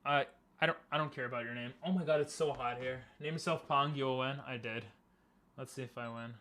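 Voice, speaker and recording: A man streaming a game live from his room, talking to himself in halting, frustrated bursts with frequent restarts and laughs. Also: medium pitch, steady tone, bright, forceful tone, a little hiss or hum. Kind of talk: live gameplay commentary.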